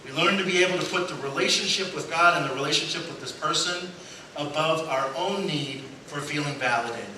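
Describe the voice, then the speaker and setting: A male preacher with a slightly high, pushed, bright voice gives a sermon built around comic stories. Quoting people, he performs their voices, and he laughs at his own humor. It's recorded at a distance in a church sanctuary with lots of echo and noise.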